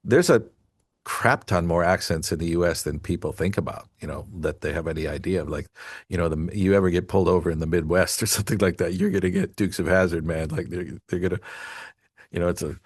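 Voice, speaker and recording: A man's voice: low voice, fast, slightly rough, no room sound, studio quality. A man hosting a podcast, rambling in casual chat with many asides. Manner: rambling, full of fillers and asides. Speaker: podcast host.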